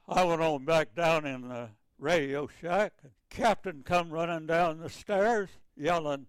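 An older man, a navy veteran, recounting wartime memories in a halting, repetitive way with many restarts. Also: a little high, smooth, dry recording.

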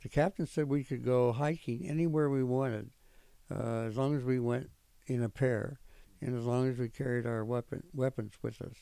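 An older man with a gravelly, mellow voice recounts his memories, stopping often with fillers as he rambles on. The sound is dry and close. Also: mid-range voice, fairly even intonation, dry recording. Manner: rambling storytelling with frequent pauses and fillers. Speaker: veteran interviewee. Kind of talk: oral history recollection.

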